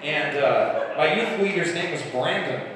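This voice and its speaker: A male comedian tells rambling, irreverent stories on a live comedy club stage. His voice sits a touch higher than most men's. It is caught from afar in a big hall with a long, booming echo and a steady room hum behind it. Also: a little slow, far from the mic. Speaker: stand-up comedian. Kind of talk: stand-up comedy set.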